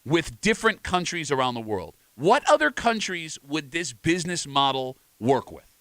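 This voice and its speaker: A man with a Rochester accent hosting talk radio in a studio, brisk and teasing as he leads the banter. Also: a little high, very animated, fairly bright tone, no echo. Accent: Rochester, New York. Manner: brisk, teasing, leading questions. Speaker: radio host.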